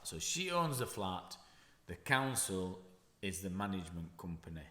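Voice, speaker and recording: A man who is a damp and mould specialist, reading out a news story and commenting on it in unhurried asides with frequent self-corrections. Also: deep voice, sing-song, bright, forceful tone. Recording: roomy echo.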